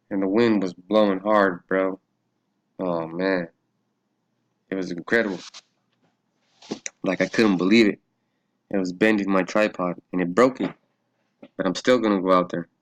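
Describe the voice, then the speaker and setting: A man with a somewhat low voice hosts his own religious vlog. He talks through a Bible study in a loose, profane way, laughing often and thinking aloud as he reads. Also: steady tone, a little slow, long pauses. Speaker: religious vlogger.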